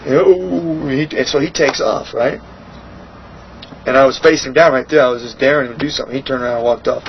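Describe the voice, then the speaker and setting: A middle-aged man in a shoot interview, telling a story bluntly and profanely, acting out other people's lines in a higher voice. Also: a little fast. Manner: animated storytelling, acts out quotes with raised pitch. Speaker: interview guest. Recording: dull lo-fi sound, faint hiss.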